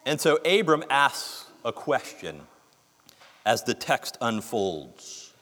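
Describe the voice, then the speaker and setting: A man's voice: medium pitch, big pitch swings, slow pace, a bit bright. Earnest preacher man in a reverberant hall. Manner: earnest expository preaching, reads scripture aloud with emphasis. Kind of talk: sermon.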